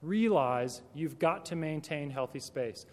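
Addressing Christian teachers directly, a man keeps his talk conversational and leans heavily on rhetorical questions. His voice is a little high with a darkish tone, animated but unhurried, and the recording has long hall reverb.

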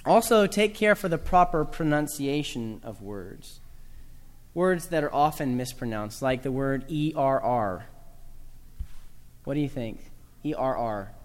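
A man's voice: mid-range voice, animated, measured pace, in a large hall. A man from the American South giving a talk to a live audience about teaching children proper speech, with dry humor and spoken examples.

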